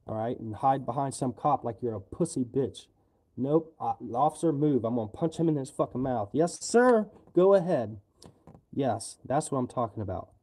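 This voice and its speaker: A man from the United States rants into his livestream, angry and swearing. His voice is dark and heavy, and it stays at a middling pitch as he fires off his complaints. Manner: angry, profane, ranting. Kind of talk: livestream rant.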